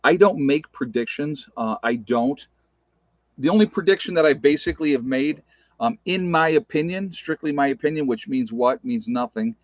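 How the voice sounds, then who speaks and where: A man's voice: fairly high pitch, expressive, moderate pace, no room sound. A man hosting a livestream, rambling casually and answering viewer comments as he goes. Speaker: livestream host. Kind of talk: casual livestream talk with chat. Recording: dull lo-fi stream audio.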